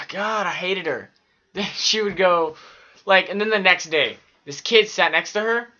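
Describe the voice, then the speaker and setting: A man's voice: high voice, unhurried, bright, forceful tone, highs cut off. A man telling profane, rambling stories from childhood in a casual vlog. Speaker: vlogger. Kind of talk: casual storytelling.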